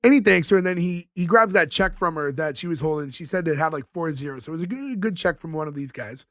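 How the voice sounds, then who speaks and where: Guy with a high voice recapping a tv episode, super dry close sound. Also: animated, a bit bright, dry recording. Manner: retells scenes, quoting characters in quick bits. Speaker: podcast co-host. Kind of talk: casual recap chat.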